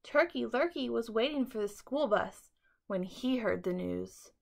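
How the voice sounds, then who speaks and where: A woman teacher reading a bedtime story aloud to children in an expressive, dramatic way. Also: fairly high pitch, measured pace, creaky.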